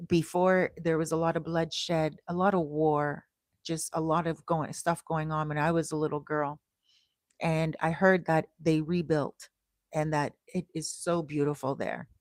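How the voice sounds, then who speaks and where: A woman from Canada in her thirties chats on a livestream in a low-pitched, unhurried voice. She draws out her stories, then lifts into bright, excited greetings to her viewers. The sound is dry and close. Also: no room sound. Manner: slow, deliberate storytelling that turns to bright, excited greetings to viewers. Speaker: livestream host. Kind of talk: casual livestream chat.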